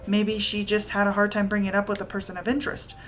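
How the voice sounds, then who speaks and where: A woman reading the lines of a composed, polite schoolgirl club president in a calm, measured way. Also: medium pitch, lightly acted.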